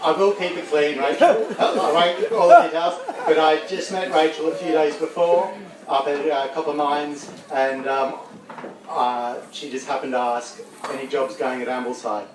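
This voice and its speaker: A man's voice: fairly high pitch, fairly even intonation, moderate pace. A man giving a rambling, self-deprecating speech to a crowd, getting choked up. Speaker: speaker at a farewell gathering. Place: large room with a crowd. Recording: echoey hall, mic from far off.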